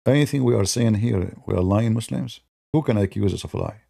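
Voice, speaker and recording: Man, gravelly dark voice, sarcastic combative online debater, non-native English phrasing. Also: on the low side, fairly quick, no room sound, studio quality. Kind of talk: polemical monologue.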